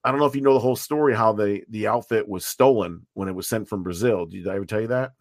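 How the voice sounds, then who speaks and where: A man, a fan-film writer and producer, talking as a podcast guest in a rambling, profane, animated way, with many restarts. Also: fairly low pitch, quick pace, no room sound, studio quality. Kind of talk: casual podcast interview.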